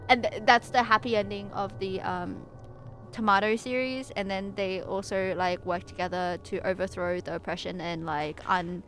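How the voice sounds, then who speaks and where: A woman's voice: medium pitch, fairly even intonation, unhurried, a bit bright, soft background music. A young woman streaming as a VTuber, chatting and reading aloud in a rambling, giggly way with many fillers and restarts. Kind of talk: casual livestream chat and reading.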